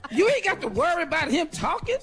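Joking radio host, lively voice. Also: male voice, extremely high pitch, quick pace. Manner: loose, joking, repeats punchlines. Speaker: radio show host giving advice. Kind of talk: comic advice banter. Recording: music playing under the voice.

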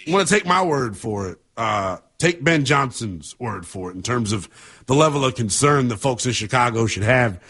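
Sports talk host, male, husky voice, emphatic and heated. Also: mid-range voice, a bit bright. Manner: passionate, emphatic, conversational.

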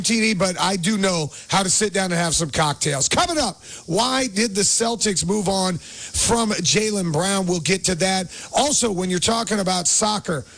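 An upbeat male sports radio host who chats easily and keeps the show moving. His voice is notably high for a man. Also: fairly bright tone. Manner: upbeat, chatty.

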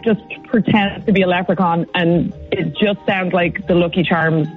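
A woman's voice: lowish voice, steady tone, moderate pace. A woman from Ireland with an Irish accent, a caller chatting wryly on a radio quiz over the phone. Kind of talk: casual chat on a radio quiz. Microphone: phone line. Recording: muffled phone line with music.

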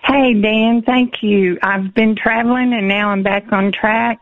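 A woman's voice: fairly high pitch, fairly even intonation, measured pace, no room sound. Woman calling in over a tinny phone. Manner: friendly, hesitant with ums. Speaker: caller. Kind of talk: casual phone call to a radio show.

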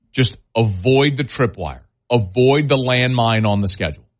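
A man's voice: on the low side, lo-fi sound. A man hosting a sports radio show, talking bluntly with folksy, scolding opinions. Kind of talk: opinionated sports talk and live-read ads.

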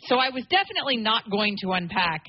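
A woman's voice: a little high, big pitch swings, fast. A woman co-hosting a radio talk show, chatting in a talkative, casual way. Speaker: radio sports talk co-host. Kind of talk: casual on-air chat. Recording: dry, dull radio studio audio.

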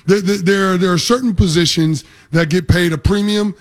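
A man analyses football on a talk radio show, confident and explanatory. His voice is high for a man. He mixes casual slang into the breakdown. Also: fairly even intonation, normal speed. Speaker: sports analyst co-host.

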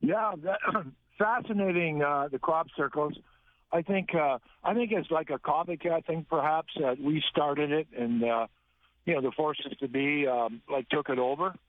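A man's voice: on the high side, no room sound. Man calling over a tinny phone. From Alberta, Canada. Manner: halting, many fillers, hesitant. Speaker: caller, Air Force veteran. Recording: tinny phone line, dry.

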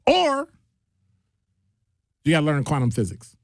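A middle-aged man hosting a call-in radio show, talking in a jokey, animated way and shifting his voice for quoted people. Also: fairly high pitch, normal speed, pauses often, no echo, clean studio sound.

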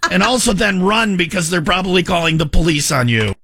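A man's voice: high-pitched, lively intonation, fairly quick, music in the background. A man co-hosting a radio morning show, bantering in a playful, teasing, jokey way. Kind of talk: casual banter.

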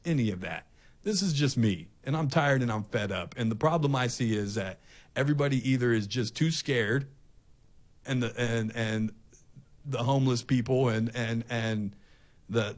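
A middle-aged man hosting a talk show, telling a story with energy and acting out the confrontations. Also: mid-range voice. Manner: animated storyteller, acts out confrontations. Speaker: radio host.

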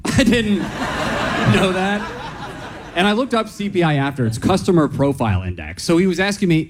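Animated laughing stand-up comedian, man. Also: fairly high pitch, a little fast, long pauses, very noisy. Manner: animated, laughing storyteller acting out voices.

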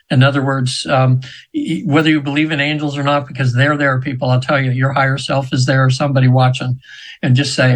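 A man's voice: mid-range voice, little pitch movement, a little fast, poor audio. A man in his seventies, a radio show guest, telling a spiritual story in an earnest, meandering way with frequent restarts. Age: 70s.

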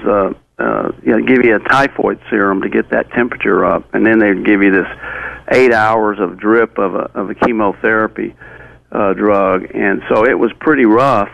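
A man, an interview guest, recounting a personal story in a halting way with many fillers and restarts. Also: medium pitch, creaky, a bit bright, no room sound, poor audio.

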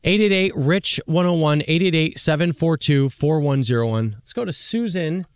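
A man with an American accent hosting a call-in tech radio show, telling stories in a chatty, animated way. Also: fairly high pitch, moderate pace, clean tone, dry recording. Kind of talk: casual call-in radio talk.

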